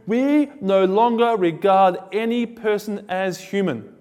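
A man with a high voice preaches a sermon, casual and quick to joke. He tells his stories with animation. His words echo with a long reverb, like a large hall. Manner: casual, joking, animated storytelling.

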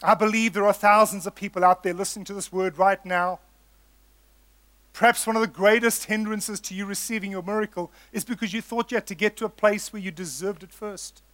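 Male preacher, high pitch, earnest and emphatic, repeats key lines for effect, talks to his flock as folks. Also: fairly even intonation, fairly quick, a bit bright, no room sound. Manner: earnest, emphatic, builds with repetition; addresses listeners as folks. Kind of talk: sermon.

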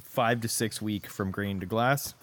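A Canadian man appearing as a guest on a podcast, chatting casually about his work at a brewery. His voice is low, and his manner stays relaxed, with his sentences often fading down quietly as he finishes. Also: measured pace. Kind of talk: casual chat.

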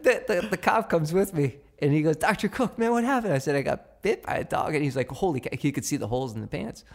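A man in easy podcast conversation, spinning a story with lively energy. He slips into quoted voices and laughs along the way. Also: a little high, quick pace, gravelly. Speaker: podcast co-host and professor. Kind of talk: casual chat.

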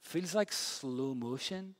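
A man preaching a sermon in a casual, slangy way, swinging between loud, quick bursts and hushed, slow stretches. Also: medium pitch. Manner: lively storytelling, big swings from loud and fast to hushed and slow; casual, slangy delivery with many "like" and "yo" asides.

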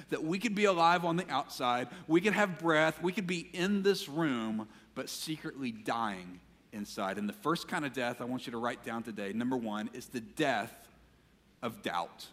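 A man preaching a sermon as pastor, animated when acting out quotes and dropping to a quiet, intense voice for emphasis. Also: mid-range voice, big-room sound. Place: church sanctuary.

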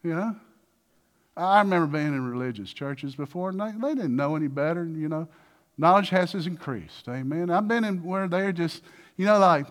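A man preaching a sermon with lots of energy, acting out little dialogues and swinging between loud bursts and hushed passages. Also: fairly high pitch, lively intonation, normal speed. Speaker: pastor.

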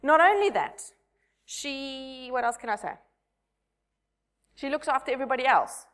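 A woman's voice: high-pitched, lively intonation, moderate pace, a bit bright. A woman in her thirties, a Sunday school teacher, giving a chatty, self-mocking church talk full of personal stories. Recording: long hall reverb.

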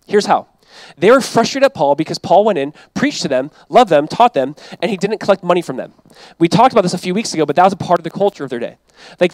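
A man's voice: high voice, no room sound, rough recording. A man pastor preaching a sermon in a conversational, emphatic way, often acting out quoted lines.

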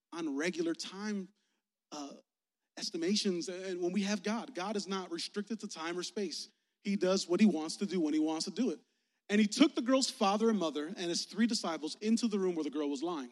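Young youth pastor, casual fun sermon, high voice, big echoey hall. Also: male voice, moderate pace. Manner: playful, conversational, engaging the audience.

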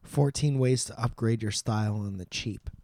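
A man's voice: lowish voice, moderate pace, darkish tone, dry recording, clean studio sound. A man co-hosting a podcast in loose, casual chat, swearing often and restarting his sentences. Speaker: podcast co-host.

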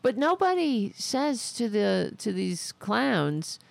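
A woman's voice: mid-range voice, very animated, slow, creaky, no room sound. A woman hosting a political commentary podcast, delivering a sarcastic, profane, indignant opinion rant.

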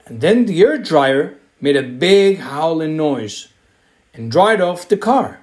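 A man reading a children's story aloud in a slow, expressive, sing-song way. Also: a little high.

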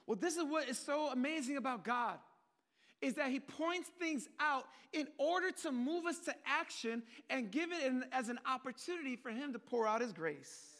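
A man preaching a sermon in a casual, conversational way, with animated swings between emphatic peaks and hushed asides. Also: extremely high pitch, moderate pace. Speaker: pastor.

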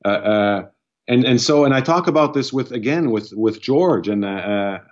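A man's voice: mid-range voice, animated, moderate pace, darkish tone, dull audio. A man speaking as a guest in casual chat, blunt and profane, often restarting his sentences. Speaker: podcast guest.

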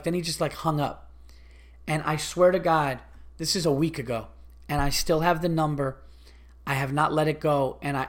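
A man's voice: fairly high pitch, a bit bright. A young man, hosting a podcast and telling a casual, profane story about a rude phone call. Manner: profane, exasperated, mimics others in quick asides. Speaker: podcast host.

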